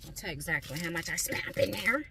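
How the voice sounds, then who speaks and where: A woman's voice: lowish voice, animated, fast talker, noisy background. Chatty middle-aged woman vlogging. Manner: chatty, rambling, confiding, many fillers. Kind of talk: casual vlog chat to camera. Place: car, then store aisles.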